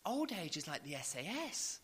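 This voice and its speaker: A man's voice: on the high side, sing-song, moderate pace, a bit bright, slightly rough. A man preaching a sermon, emphatic, building to rising repeated questions.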